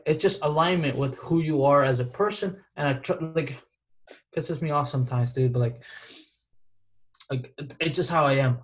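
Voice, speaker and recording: Husky-voiced man giving pep talk. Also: on the high side. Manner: emphatic, repetitive, slangy, calls listeners dude and bro. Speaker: podcast co-host. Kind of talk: casual podcast chat.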